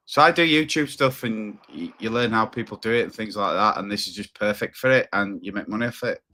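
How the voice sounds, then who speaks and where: A man's voice: lowish voice, fairly quick, background noise. Blunt, sweary man streaming. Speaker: livestream host. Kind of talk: casual reaction commentary.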